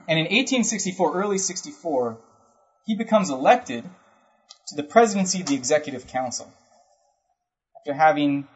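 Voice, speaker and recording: A man's voice: a little high, lively intonation, normal speed, pauses often. A man giving an informal history lecture, talking conversationally, often checking in with the listener and acting out historical speakers in brief asides. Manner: conversational, keeps checking in with "right?". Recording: dull lo-fi recording.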